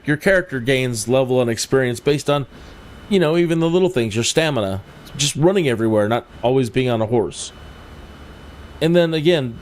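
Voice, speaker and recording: A man's voice: medium pitch, darkish tone. A man hosting a flight sim livestream, rambling casually and talking straight to his viewers. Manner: rambling, chatty, addresses viewers directly.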